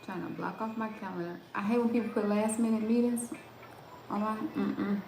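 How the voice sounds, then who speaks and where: A woman's voice: medium pitch, steady tone, moderate pace, creaky, darkish tone, echoey room, slight background noise. A woman with a Southern American accent, hosting a casual live stream and chatting with viewers, greeting them by name and laughing often. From Southern United States.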